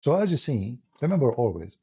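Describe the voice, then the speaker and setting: A man's voice: medium pitch, very animated, brisk, warm tone, husky. A man with an Arabic accent hosting a live stream, speaking as an apologist in an emphatic, combative way with broken phrasing and restarts. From Middle East. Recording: dull lo-fi stream audio.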